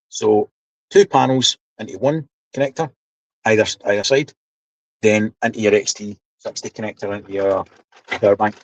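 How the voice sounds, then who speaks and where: A man's voice: fairly low pitch, no room sound, poor audio. A man in his seventies with a Scottish accent, chatting casually on a live stream, explaining things while he reads the chat. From Scotland. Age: 70s. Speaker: livestream host.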